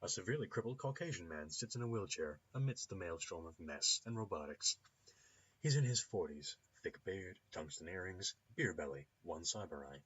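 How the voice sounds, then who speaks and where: A man hosting a let's play and reading out the game's narration. His voice is low, bright and slightly husky, with a lively pitch. The recording sounds a little dull and lo-fi. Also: moderate pace. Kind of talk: reading game text aloud.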